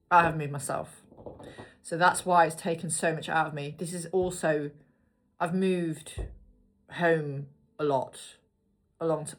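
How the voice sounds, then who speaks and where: A woman giving a casual tarot reading to her viewers, chatty and rambling, with spoken asides while she picks cards. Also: on the low side. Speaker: tarot reader.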